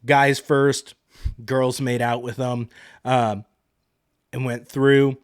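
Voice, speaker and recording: A young man talks through a reality-show week in a chatty, sarcastic podcast recap, often mimicking the people he quotes. His voice sits in a middle pitch. The sound is dry and close, with no room echo. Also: little pitch movement, takes it slowly, clean tone. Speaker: podcast host.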